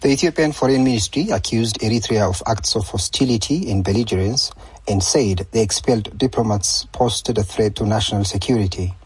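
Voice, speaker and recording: A man with a raspy voice giving a steady, formal scripted news report as a correspondent. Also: on the low side, fairly quick, no echo, poor audio.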